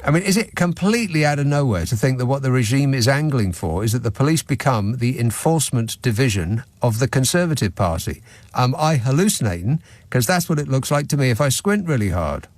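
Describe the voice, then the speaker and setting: A man's voice: mid-range voice, big pitch swings, fairly quick, no room sound. A man hosting a radio phone-in, talking in a sarcastic, mocking, dry-witted way. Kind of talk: opinionated talk radio monologue. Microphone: studio microphone.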